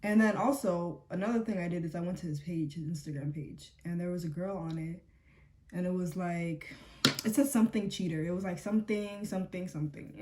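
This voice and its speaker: A woman's voice: on the low side, mellow. A young woman telling a story casually as she gets ready, full of "like" and "um" fillers and acted-out quotes. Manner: chatty, fillers like "like" and "um", acts out quotes. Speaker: beauty vlogger.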